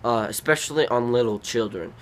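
A man hosting a podcast, telling rambling, animated stories about his family. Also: medium pitch, fairly quick, slight background noise. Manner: rambling, animated, bursts into loud acted shrieks. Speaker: podcast host. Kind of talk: casual storytelling.

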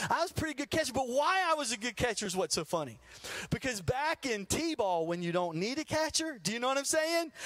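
A man's voice: high-pitched, a bit bright, no room sound. A middle-aged man preaching a sermon, telling funny stories and laughing at his own jokes. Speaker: pastor.

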